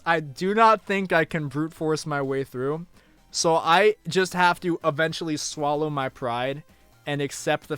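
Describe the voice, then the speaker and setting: A young man chatting casually on a live stream, talking to his chat, moving between mock outrage and low mumbling asides. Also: fairly bright tone, clear, resonant tone, no echo. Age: young adult.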